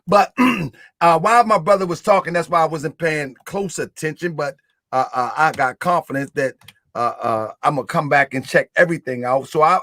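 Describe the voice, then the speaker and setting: A man's voice: high voice, bright, forceful tone, no room sound. Male host, live-stream chat, loose and repetitive, dry close sound. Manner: loose, repetitive, talks the audience through the screen. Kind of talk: casual live-stream talk.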